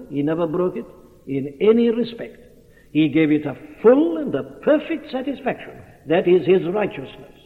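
Man preaching, lively pitch, tinny hall recording. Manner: earnest, emphatic, rising on key phrases. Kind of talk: sermon.

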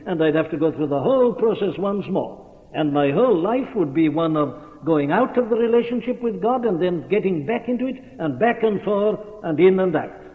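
A man preaching a sermon, earnest and emphatic, rising on key phrases. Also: a little high. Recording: tinny, lo-fi archival recording in a reverberant hall.

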